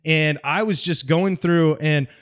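A man from California, a military veteran guest on an interview podcast, telling his story in an animated way with frequent laughs. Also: a little high, unhurried. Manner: animated, acts out voices in anecdotes, laughs often.

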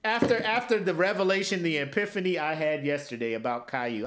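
With a brisk, slightly high voice, this man co-hosts a podcast, telling animated stories in a casual comedic conversation and dropping into silly voices.

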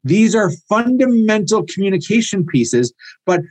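A man in his thirties, a real estate coach teaching a live online class, energetic and storytelling. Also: high-pitched, normal speed, no room sound, rough recording. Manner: energetic, storytelling, acts out quoted dialogue. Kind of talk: live online training talk.

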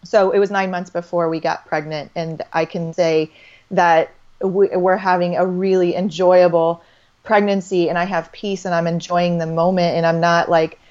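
A woman's voice: fairly low pitch, flat delivery, moderate pace, a little mellow. Thirties woman chatting about faith and health, rambles and restarts a lot, kinda dull lo-fi sound. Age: 30s. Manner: rambling, with many restarts and trailing phrases. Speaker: holistic doctor, guest. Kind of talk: casual faith-based conversation. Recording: slightly dull lo-fi audio.

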